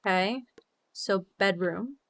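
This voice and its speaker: A young woman streamer chatting casually with her viewers while decorating in a game, bubbly and quick to swear. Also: medium pitch, a bit bright, a little hiss or hum. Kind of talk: casual live-stream chat while gaming.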